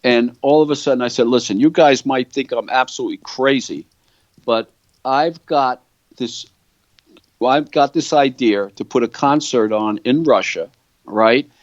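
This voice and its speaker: A man's voice: medium pitch, moderate pace, no echo. An older man, the guest of an interview, telling a long rambling story and often checking in with "right?" and "you know". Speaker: guitar company founder, interview guest. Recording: dull, dry lo-fi sound.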